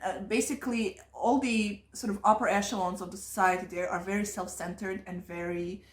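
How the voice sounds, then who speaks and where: A woman's voice: mid-range voice, steady tone, fairly quick. A woman co-hosting a casual book chat, enthusiastic, laughing often and swearing freely. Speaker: booktuber co-host. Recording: echoey room.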